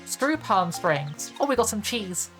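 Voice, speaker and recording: A woman's voice: mid-range voice, sing-song, unhurried, fairly bright tone. A young woman chatting casually while streaming a video game, rambling with lots of fillers. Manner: rambling, many fillers and laughs. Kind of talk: casual gaming stream chat. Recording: faint music behind voice.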